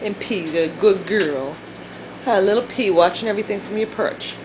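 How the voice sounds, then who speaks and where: A woman's voice: mid-range voice, moderate pace, background noise. A mother at home talking to her pets in a sing-song baby-talk voice, filming a casual home video.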